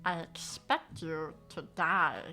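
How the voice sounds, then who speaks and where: Woman doing Stitch, a raspy little alien. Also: deep voice, slow pace, sharp tone, faint music behind, exaggerated voice. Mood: gleeful. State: congested nose. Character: small mischievous alien creature, raspy, garbled.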